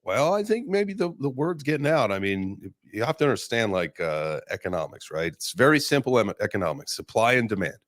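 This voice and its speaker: A man's voice: fairly low pitch, very animated, a little fast, hardly any pauses, dry recording, studio quality. A young man hosting a casual crypto podcast chat, talking loosely with some cursing. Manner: loose, profane banter. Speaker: crypto show host.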